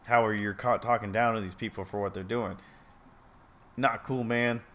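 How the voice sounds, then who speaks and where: A man's voice: fairly low pitch, steady tone, normal speed, fairly bright tone. A man giving casual commentary as he reads an article aloud, earnest and opinionated, rambling and often stumbling and correcting himself. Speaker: video commentator.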